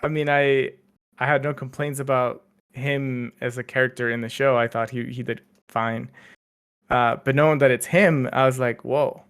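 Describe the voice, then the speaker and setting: Man, podcast co-host, casual chat, mid-pitched, lots of restarts. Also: steady tone, normal speed, fairly bright tone, clear, resonant tone. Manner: chatty, lots of fillers and restarts.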